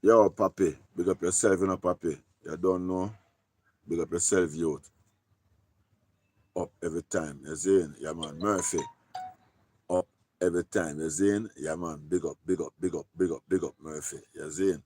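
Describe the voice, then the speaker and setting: Deep-voiced Jamaican man chatting on a live stream. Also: steady tone, normal speed, long pauses, dark tone, no echo. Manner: loose patois talk, repeating "big up" and "yeah, man". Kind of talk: casual live-stream chat with shout-outs.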